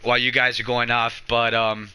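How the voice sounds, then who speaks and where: A man streaming a video game live on a headset mic at home at night, excitable and emotional as he talks to his chat. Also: mid-range voice, normal speed, clear, resonant tone. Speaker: gaming streamer. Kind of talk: live gameplay stream commentary.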